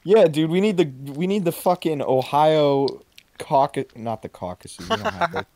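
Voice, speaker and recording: Rambling, foul-mouthed podcast co-host. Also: male voice, a little high, lively intonation, moderate pace, gravelly, mellow, no echo. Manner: rambling, swears freely. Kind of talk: casual chat. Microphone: video call.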